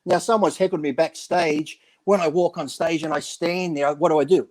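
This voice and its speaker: A man with a slightly high voice tells stories in a casual radio chat. He acts out other people's quotes with lots of energy and swears freely along the way. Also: normal speed. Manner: animated storyteller acting out quotes, swears freely. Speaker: bodybuilding radio show regular.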